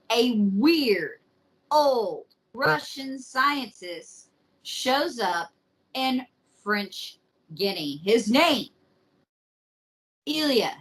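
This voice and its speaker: A woman's voice: a little high, fairly bright tone, rough recording. A woman hosting a podcast, telling a true story in a casual, joking way with some swearing. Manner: slow, joking, swears freely.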